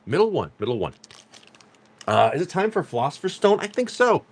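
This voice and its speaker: A man's voice: a little high, very animated, fairly quick, slight background noise. A man chatting casually on a live stream, joking with viewers while he reads off cards. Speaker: card-break livestream seller.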